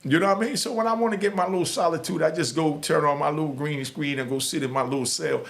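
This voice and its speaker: A man's voice: fairly high pitch, fairly even intonation, fast, creaky. A man from Harlem with a New York accent, talking straight to the camera in a casual, emphatic and streetwise way as he gives advice to young people. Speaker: YouTuber giving advice to youth. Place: indoors in front of a green screen.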